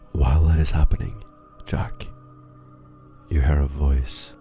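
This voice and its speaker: A man narrating a tabletop game as game master, describing scenes in a measured way with soft near-whispered asides. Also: rumbling low, little pitch movement, faint music behind.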